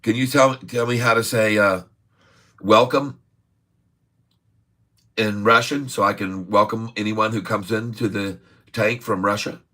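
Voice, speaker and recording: A man's voice: fairly low pitch, steady tone, measured pace, pauses often, sharp tone. A middle-aged man hosting a day-trading livestream, talking in a chatty, jokey way, often laughing and repeating himself. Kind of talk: casual livestream chat.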